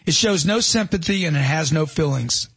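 A middle-aged man speaks in a husky voice that sits a little high for a man. He delivers motivational narration with punchy emphasis and strings of rhetorical questions. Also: expressive, normal speed, fairly bright tone, no room sound. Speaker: self-help author.

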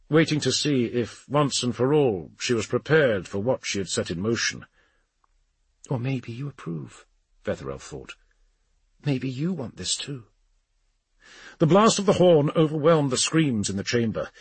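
A man narrating a science fiction audiobook in a dramatic, expressive reading. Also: medium pitch, husky, dry recording. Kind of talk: scripted narration.

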